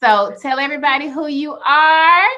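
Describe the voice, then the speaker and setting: A woman co-hosting a faith podcast, chatty and enthusiastic, often affirming with quick yeses. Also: high-pitched, sharp tone, highs cut off. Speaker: podcast co-host.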